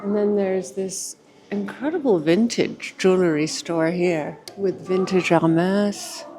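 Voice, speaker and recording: A woman's voice: mid-range voice, slow pace, dark tone. Chatty woman vlogging on the go. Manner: chatty, effusive, calls viewers darling. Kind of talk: casual vlog narration to camera. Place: walking around city streets and shops.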